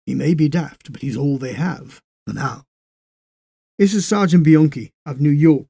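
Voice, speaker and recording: A man's voice: on the high side, measured pace, vocal fry, dark tone, husky, no echo, exaggerated voice. A man voicing a British lance corporal with a wry, teasing manner. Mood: plain.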